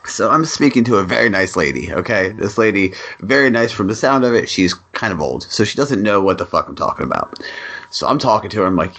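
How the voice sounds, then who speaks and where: A man co-hosting a podcast, telling an animated story in casual chat and acting out a phone call, swearing freely. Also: on the low side, brisk. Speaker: podcast co-host.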